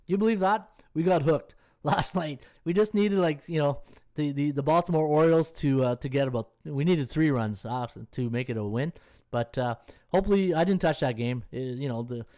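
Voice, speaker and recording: A man's voice: on the high side, a little mellow. A man hosting a sports betting podcast, rambling casually as he thinks aloud, checks schedules on screen and talks to his chat viewers. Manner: many fillers and restarts, checks schedules on screen. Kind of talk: casual live-stream chat.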